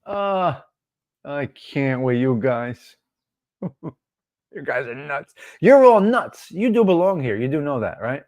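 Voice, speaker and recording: A man's voice: a little high, slow, pauses often, no room sound. A man hosting a live stream, chatting casually with viewers, laughing often and answering the chat. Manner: laughing, animated, talks back to chat.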